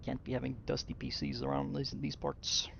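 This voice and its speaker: A man's voice: medium pitch, little pitch movement, moderate pace, vocal fry, a bit bright, lo-fi sound, a little hiss or hum. A young man who streams games, muttering to himself while he builds and chatting casually with his viewers. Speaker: game streamer. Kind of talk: casual gameplay commentary to chat.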